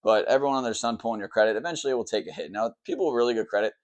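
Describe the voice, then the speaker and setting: Brief: fast-talking male mortgage lender at a whiteboard, rambling, mid pitch, keeps saying "okay". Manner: fast, rambling, full of "okay" and "all right" check-ins; says he talks fast and tries to slow down. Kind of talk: explaining the mortgage process.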